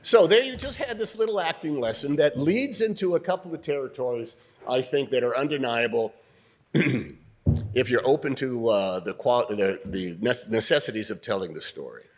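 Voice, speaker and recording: An older man teaching an acting workshop, coaching students through scenes in an animated way and often clearing his throat. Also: medium pitch, moderate pace.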